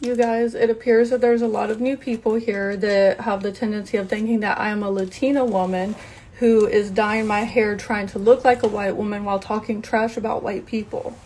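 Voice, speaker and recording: A woman's voice: medium pitch, fairly even intonation, normal speed, darkish tone. A woman from North Carolina with a Southern accent, telling a blunt, profane storytime to her viewers. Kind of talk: casual storytime monologue.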